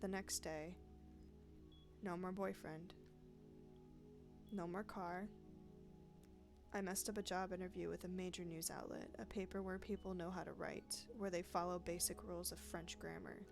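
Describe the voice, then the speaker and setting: A woman's voice: lowish voice, level tone, normal speed, vocal fry, long pauses. A woman reading the lines of a bitter, vengeful female newspaper sub-editor, cold, accusing and pedantic, over game music. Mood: wistful.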